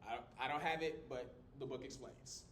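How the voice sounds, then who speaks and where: A man teaching a college class in a small room without a microphone. He talks in a lively, joking way and swings his volume and pitch up and down to demonstrate. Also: normal speed. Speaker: college instructor. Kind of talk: classroom lecture. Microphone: no microphone, recorded from across the room. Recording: echoey room from a distance with low rumble.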